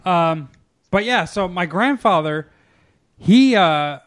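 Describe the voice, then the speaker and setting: A man's voice: high-pitched, animated, slow. A young man chatting casually with a friend, telling a rambling, profane story and laughing often. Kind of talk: casual chat.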